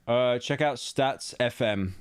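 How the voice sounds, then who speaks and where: A man's voice: medium pitch, slow, smooth, dry recording. A man streaming casually, reacting to a video with blunt, crude, rambling remarks.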